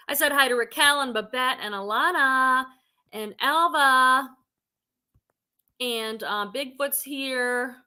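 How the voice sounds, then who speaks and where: A woman's voice: high-pitched, pushed and bright. A woman hosting a casual reselling livestream from her living room, chatty and rambling, greeting viewers by name. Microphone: computer webcam on livestream.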